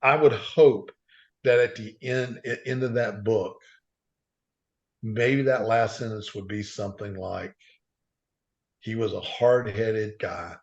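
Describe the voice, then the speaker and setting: A man's voice: on the low side, a little slow. A man telling earnest stories as a podcast guest, rambling with frequent restarts. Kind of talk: casual storytelling. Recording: dull lo-fi sound.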